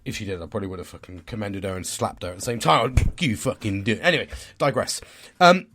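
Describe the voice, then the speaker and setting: A man's voice: lowish voice, sing-song, fast talker, fairly bright tone. A man, talking in a casual, rambling vlog monologue. He swears constantly, sounds stressed and tired, and is hard on himself. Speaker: vlogger.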